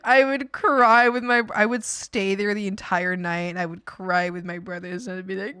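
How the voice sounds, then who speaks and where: A woman's voice: medium pitch, steady tone, normal speed, few pauses, pushed and bright. A young adult woman chatting casually on a livestream while she draws. She is giggly and emotional, laughs often, and trails off and restarts her sentences. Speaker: art streamer.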